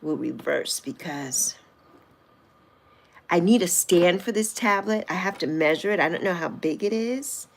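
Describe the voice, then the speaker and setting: Gravelly, lowish and animated yet a little slow, a woman in her sixties runs a casual livestream. She answers the comments she reads from viewers, teases them playfully and breaks into laughter often.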